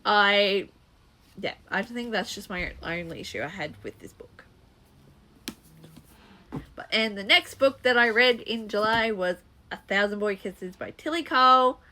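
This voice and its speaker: Young woman, twenties, crisp bright tone, rambling casual book chat to camera. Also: mid-range voice, unhurried. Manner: chatty and rambling, with frequent restarts and laughs. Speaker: booktuber.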